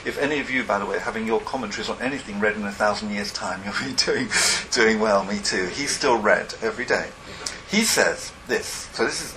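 A man's voice: fairly low pitch, background noise. A man lecturing to a class, thinking aloud and often correcting himself mid-sentence. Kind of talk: academic lecture.

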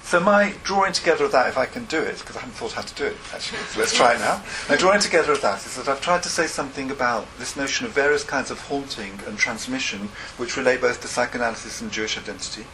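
A man's voice: mid-range voice, quick pace, few pauses, bright, forceful tone, a little hiss or hum, low-quality recording. A man lecturing to a class, thinking aloud and often correcting himself mid-sentence. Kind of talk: academic lecture.

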